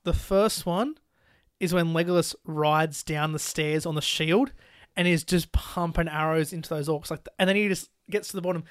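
Animated chatty podcast co-host, dry sound. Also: medium pitch, moderate pace, dry recording. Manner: animated, full of "like" fillers, laughs while retelling scenes; acts out quoted lines from scenes. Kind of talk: casual film discussion.

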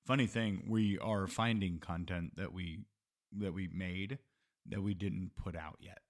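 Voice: low voice, steady tone, a little slow. A laid-back podcast co-host in casual, teasing chat.

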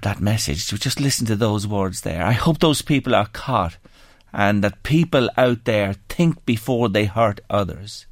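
Reading listener messages into a studio mic, an Irish man hosts a radio phone-in show in an earnest, sombre manner. He has a lowish voice, and the recording carries no room sound.

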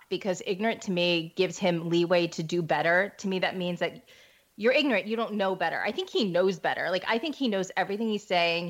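A woman hosting a casual comedic chat, telling stories and acting out quotes. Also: fairly low pitch. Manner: animated storyteller, acts out quotes. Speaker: podcast host.

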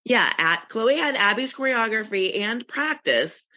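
A middle-aged woman with a bright, forward tone and a pitch that moves a lot. She chats casually as a podcast co-host, hesitating and restarting her sentences as she goes. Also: lively intonation, a little slow. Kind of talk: casual chat.

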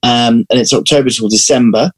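A man, an actor, chatting in an interview, telling lively stories and restarting his sentences often. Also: mid-range voice, a little fast, breathy edge. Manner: animated storyteller, restarts often. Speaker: actor guest. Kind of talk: casual interview chat.

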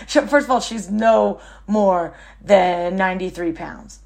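A woman hosting a podcast, telling stories in a chatty, self-mocking way with quick asides. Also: lowish voice. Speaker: podcast host. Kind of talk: casual storytelling monologue.

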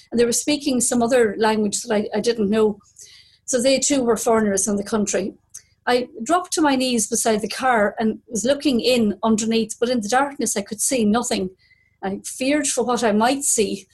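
A woman's voice: on the high side, a little mellow, breathy edge, low-quality recording. A middle-aged woman telling a true story at a live storytelling event, vivid and dramatic. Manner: vivid, dramatic retelling with acted quotes.

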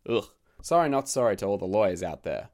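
Croaky man hosting a literature podcast. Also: on the low side, big pitch swings, brisk, darkish tone. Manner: wry, jokey asides. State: croaky voice after illness. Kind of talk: scripted narration with asides.

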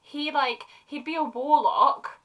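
Animated, higher-voiced woman. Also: dull audio. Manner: animated, acts out quick silly voices. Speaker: podcast co-host. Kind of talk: casual chat.

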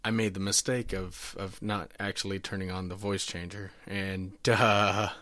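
A man's voice: low-pitched, flat delivery, moderate pace, bright, forceful tone. A man hosting a comedy show, making crude prank phone calls with a mock-polite drawl. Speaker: prank caller and podcast host. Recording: dull lo-fi recording.

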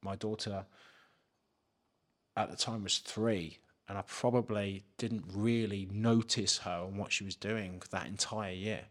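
A man's voice: lowish voice, steady tone, a little slow. A man, a podcast guest telling a candid personal story and swearing freely. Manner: frank, swears freely, acts out his own inner questions.

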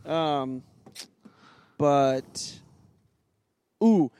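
A man's voice: a little high, extremely slow, warm tone, smooth. A man who plays music at a church, chatting on a podcast in an upbeat, scattered way that jumps between topics. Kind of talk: casual chat. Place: sound booth inside a church sanctuary.

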